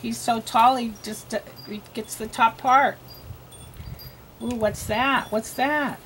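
A woman with a fairly high voice teaches a young child to read, going very slowly and sounding out letters one at a time. She repeats words patiently, and a faint hum of room noise sits behind her. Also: steady tone, fairly bright tone. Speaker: reading teacher. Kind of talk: slow read-aloud phonics lesson for young children.

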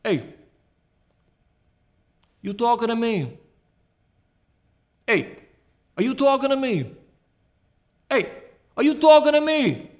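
A man doing a comic impression of a confrontational New York tough guy from the movies, repeating his challenge gruffly. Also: extremely high pitch, very animated, slow pace, long pauses, dull audio, pitched above the performer's own voice, exaggerated voice. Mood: challenging.

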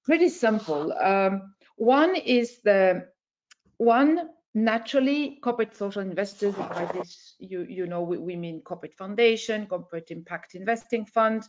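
A woman's voice: medium pitch, animated, a little slow, lo-fi sound, slight background noise. A woman hosting an online webinar, giving opening remarks in a hesitant way, with many filler sounds. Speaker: webinar host. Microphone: video call.

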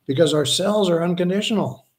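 A man, a spiritual healer, earnestly explaining his ideas in a conversational interview, slowing down to stress points. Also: high voice. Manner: earnest, slows down to stress points, acts out quoted voices.

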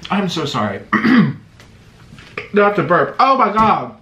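A mukbang host with a high voice speaks a little slowly in a casual eating vlog, recorded with a roomy echo. He is excitable and gushing, exclaiming over every bite.

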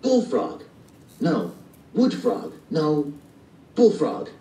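Man voicing an eager little boy, storybook, raised pitch, mellow tone, distant echoey playback. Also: wildly swooping pitch, very slow, a little hiss or hum, full character voice. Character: eager earnest little boy, younger brother.

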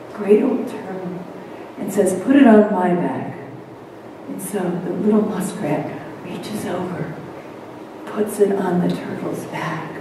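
Woman minister, slow dramatic storyteller, mellow tone, echoey church hall. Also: medium pitch, distant mic, a little hiss or hum. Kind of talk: storytelling sermon. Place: church sanctuary.

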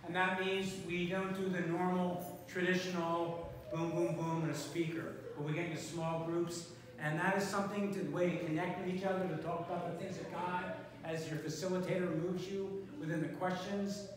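Captured from a distance in an echoey church sanctuary with faint noise, a man speaks as a pastor, making casual announcements and preaching a short sermon. His high-pitched voice is flat at normal speed, and his conversational talk rambles with many fillers.

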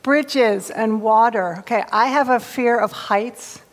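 A woman leading a children's story time in church, reading aloud in a bright, animated way while sitting on the steps. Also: on the high side, takes it slowly. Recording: long church hall reverb.

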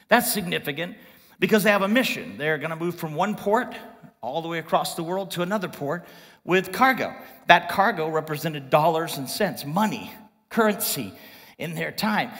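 A middle-aged man preaching a sermon in a church, animated and conversational, full of rhetorical questions. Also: high voice, big-room sound. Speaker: guest preacher. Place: church sanctuary.

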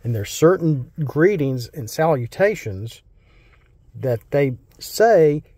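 Husky, dark-voiced American man teaching scripture. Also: on the high side, lively intonation, dry recording, clean studio sound. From United States. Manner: reads verses slowly and solemnly, then chats casually with fillers. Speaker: Bible teacher. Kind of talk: reading scripture and explaining it.

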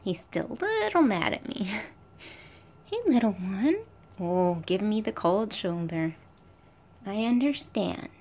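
Woman in her bedroom cooing at her pet, mid pitch, chatty and fond, bit self-mocking. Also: sing-song, unhurried, a little mellow. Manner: affectionate, cooing pet talk mixed with self-deprecating asides. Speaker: vlogger. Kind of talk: casual chat to camera and to a pet.

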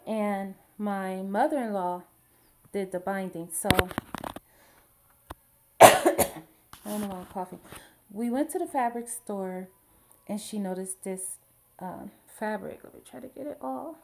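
A woman's voice: mid-range voice, slow, pauses often, a little hiss or hum. A middle-aged woman in a casual show-and-tell vlog, chatty and rambling, gushing about a gift. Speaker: video blogger.

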